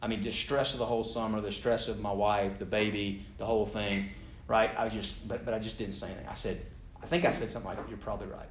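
A man's voice: lowish voice, level tone, fast. An American man giving a sermon talk to a live audience, telling a story animatedly with self-deprecating humor. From United States. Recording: roomy hall sound, faint background noise.

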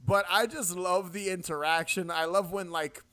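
A man with a slightly higher voice hosts a casual podcast chat. He retells scenes with lots of laughter and lively energy. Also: moderate pace. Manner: laughs often while retelling scenes, animated. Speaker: podcast host.

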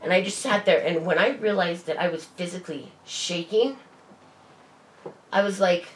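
A woman's voice: lowish voice, moderate pace, a little hiss or hum. A woman telling a story in casual chat, bluntly and with plenty of swearing. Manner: blunt, swears freely, leans on "like". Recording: echoey room with faint ambience.

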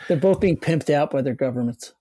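A podcast guest making wry, quick remarks in casual film chat. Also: mid-range voice, warm tone, husky, no room sound.

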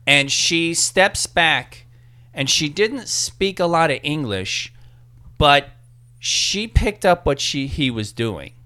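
A man spins an anecdote in relaxed conversation, lively and slipping into other people's voices. His tone is bright and forward, and his words come out clear and crisp. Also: a little high, takes it slowly. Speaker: podcast guest telling a story. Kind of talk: casual storytelling.

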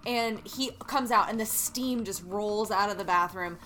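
A woman's voice: mid-range voice, a little slow, pushed and bright, slight background noise. A woman co-hosting a podcast, telling stories casually with lots of fillers. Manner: rambling, filler-heavy storytelling. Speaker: podcast co-host. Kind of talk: casual chat.

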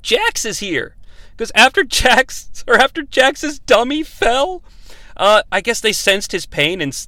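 A man's voice: fairly high pitch, pushed and bright, no room sound. A man hosting a comedic movie review, recapping the plot with sarcastic, profane asides.

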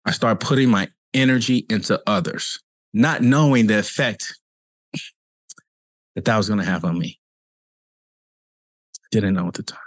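A man's voice: on the low side, dry recording. A man who hosts a show as a cancer coach, talking earnestly and conversationally in a reflective motivational monologue, often repeating himself for emphasis. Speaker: cancer coach and podcast host.

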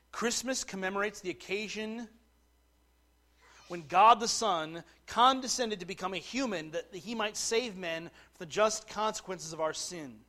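A man preaching a sermon, dropping to quiet asides and rising to loud, slowed declarations. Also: high-pitched. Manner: slows right down to stress key words. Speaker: pastor.

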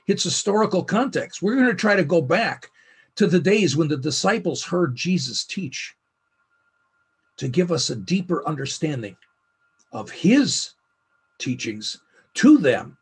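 A middle-aged man teaches a Bible lesson with a slightly husky, breathy voice. His pitch sits a little high for a man and rises and falls with lively movement. He slows down to lean on key words. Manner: earnest, with slow emphatic phrasing. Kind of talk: scripted teaching.

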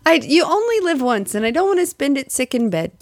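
High-voiced woman, stuffy with a cold. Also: fairly quick, no room sound. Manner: laughs often, relaxed and candid. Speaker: podcast co-host. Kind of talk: casual chat.

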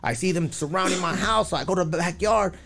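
A man, a podcast guest telling a long personal story. His voice is gravelly and sits a bit high. He rambles with many fillers and acts out the lines of the people in his story. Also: quick pace, background noise.

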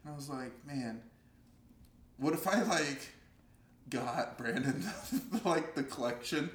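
A man's voice: a little high, sing-song, takes it slowly, pauses often, roomy sound, noisy background. A young man in casual podcast chat, joking, swearing a lot and laughing often.

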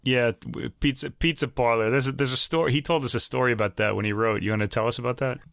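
A man co-hosting a casual podcast, a chatty storyteller who gets animated when quoting people. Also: mid-range voice, fast talker, creaky, no room sound, clean studio sound. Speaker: podcast co-host.

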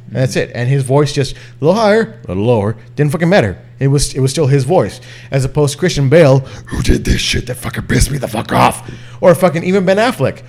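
A man hosting a podcast in casual chat. He swears constantly and talks animatedly, pushing his voice up and down to make his points. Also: medium pitch. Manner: heavy swearing, animated, drops and raises his voice to demonstrate. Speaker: podcast host.

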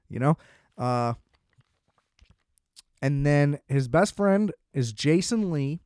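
A man's voice: a little high, expressive, extremely slow, a little mellow, dry recording, studio quality. A man in his twenties giving a casual, sarcastic movie review, scoffing and swearing freely as he rants. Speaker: film reviewer.

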